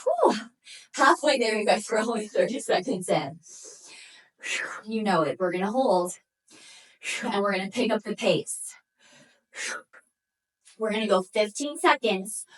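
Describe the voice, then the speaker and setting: A woman with a medium-pitched voice coaches a Pilates workout at a moderate pace, leaving long pauses as she counts down reps. She is exercising and breathing hard throughout. The recording is distant from the mic.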